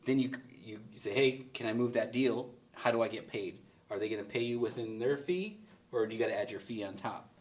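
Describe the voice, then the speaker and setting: A man hosting a real estate investor meetup, coaching a newcomer in fast, blunt talk with plenty of restarts, his voice picked up from off the mic. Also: mid-range voice, darkish tone, far from the mic. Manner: fast, blunt, repeats himself, jokes with the group. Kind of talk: live coaching Q&A in a meeting room.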